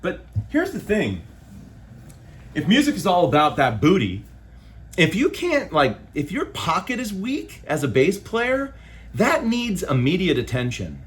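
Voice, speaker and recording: A man, a bass player, giving his opinions in a casual, loose monologue with slang and the odd swear word. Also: huge pitch swings, measured pace.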